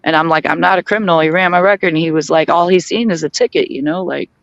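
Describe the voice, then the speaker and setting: High-voiced man telling a story animatedly. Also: fast, vocal fry, no room sound, dull audio. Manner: animated, acts out both sides of the dialogue, laughs often. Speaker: guest on a group chat show. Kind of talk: casual storytelling in a group chat.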